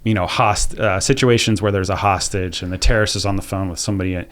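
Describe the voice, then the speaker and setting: A man's voice: deep voice, fairly even intonation, quick pace, fairly bright tone. A young adult man hosting a podcast conversation, reflective and often restarting sentences as he thinks aloud. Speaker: podcast host. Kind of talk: conversational interview.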